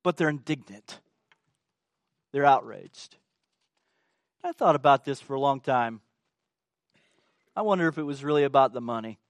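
A man's voice: medium pitch, lively intonation, normal speed, pauses often, dry recording, clean studio sound. A man preaching a sermon, emphatic and asking the congregation rhetorical questions.

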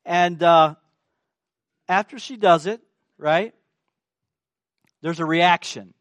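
A man's voice: a little high, slow, a bit bright, dry recording. A man preaching a sermon, emphatic and asking the congregation rhetorical questions.

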